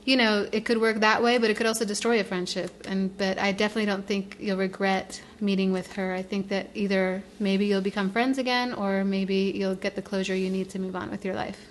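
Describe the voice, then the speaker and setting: A woman guesting on a casual podcast, easygoing and quick to laugh. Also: mid-range voice, little pitch movement, a little hiss or hum.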